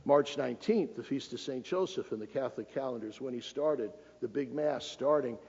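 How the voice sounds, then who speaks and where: Gravelly man lecturing in a big hall. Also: mid-range voice, a little fast, mellow. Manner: folksy, joking, emphatic orator. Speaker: cardinal giving a public lecture. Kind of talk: public lecture. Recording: lo-fi recording with long hall reverb.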